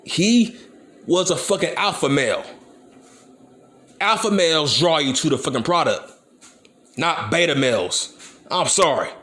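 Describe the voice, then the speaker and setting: Profane, animated ranting man. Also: fairly high pitch, unhurried, long pauses. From Compton, California. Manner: blunt, profane, emphatic. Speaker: channel host. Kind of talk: ranting commentary video.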